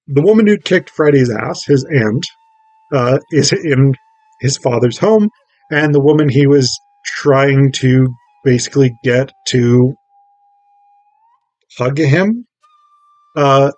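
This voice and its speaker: A man talks through a film plot at an unhurried, drawn-out pace, filling his pauses with ums and uhs. His delivery is wry and loose. The recording is dry and close, with no room echo. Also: medium pitch, a little mellow. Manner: rambling, filler-heavy, wry. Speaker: film reviewer. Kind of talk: casual film summary.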